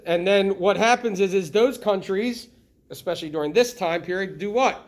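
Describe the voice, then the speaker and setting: A middle-aged man teaching a history lesson in a classroom, lively and constantly checking in with the students by asking questions. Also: high voice, moderate pace. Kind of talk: classroom lecture.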